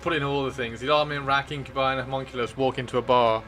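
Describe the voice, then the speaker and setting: Bright-voiced chatty man. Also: mid-range voice, level tone, very fast, faint music behind. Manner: chatty, laughing, enthusiastic, repeats words. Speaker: livestream host. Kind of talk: casual livestream chat.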